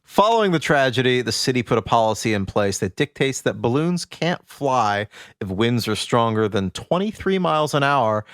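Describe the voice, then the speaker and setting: A man co-hosting a chatty podcast recounts strange facts with lots of swing in his pitch. The sound is dry and close to the microphone, and he tosses in playful asides as he builds to the twist. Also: moderate pace, no echo. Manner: animated storytelling, playful asides. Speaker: podcast co-host. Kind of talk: casual chat, recounting facts.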